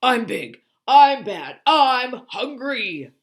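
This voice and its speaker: A woman voicing a big, bad, hungry male bully bug from a storybook, growling and boasting loudly. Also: a little high, very animated, drawn-out words, voice pushed up, exaggerated voice. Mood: menacing.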